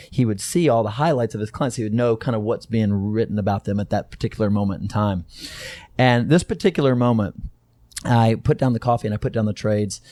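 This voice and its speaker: A middle-aged man from Texas talks through his story as an interview guest, circling back with frequent fillers and restarts. His voice sits low and mellow. The recording is dry and close. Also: dry recording. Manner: rambling, many fillers and restarts. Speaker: guest, company co-founder.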